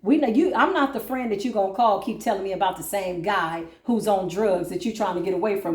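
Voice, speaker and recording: Speaking fast with few pauses, this woman delivers a spiritual pep talk over a card reading in a roomy-sounding space. Her pitch is medium, and she's emphatic and colloquial, addressing listeners as "baby" and "boo" while shifting from preachy intensity to quiet asides.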